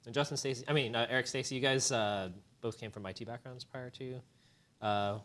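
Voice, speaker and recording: A man's voice: medium pitch, steady tone, a little fast, a bit bright. A man hosting a casual webcast panel, asking his guests questions and handing over to the next segment. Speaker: webcast host.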